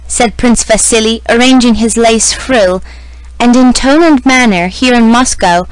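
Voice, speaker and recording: Woman, audiobook narration, fairly high voice, measured and even, dry close sound. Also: no room sound, low-quality recording. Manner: measured, even reading of a classic novel. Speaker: audiobook reader. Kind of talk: scripted narration.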